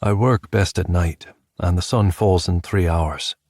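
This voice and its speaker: A man's voice: deep voice, unhurried, a little mellow, no echo, clean studio sound. A man doing a cool, aloof wolf healer.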